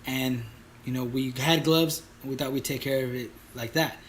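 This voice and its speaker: A man's voice: mid-range voice, moderate pace, a little hiss or hum. A young man co-hosting a podcast, telling stories in casual slang and acting out what people said. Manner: animated storyteller, slangy, acts out quotes. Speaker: podcast co-host. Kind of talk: casual chat, storytelling.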